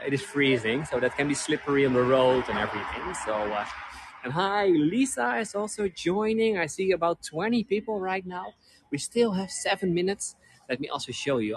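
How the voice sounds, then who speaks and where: A man's voice: a little high, background noise. A Dutch man with a Dutch accent guiding a live-streamed walking tour outdoors, talking in a chatty, friendly way with many restarts. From Netherlands. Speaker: tour guide. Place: street outdoors in a cold town.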